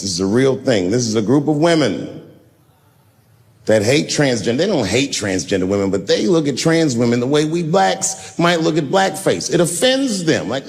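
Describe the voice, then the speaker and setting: Male stand-up comic, live routine, lively, swooping storyteller. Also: long reverb tail. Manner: animated storytelling with swings in pitch and volume. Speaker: stand-up comedian.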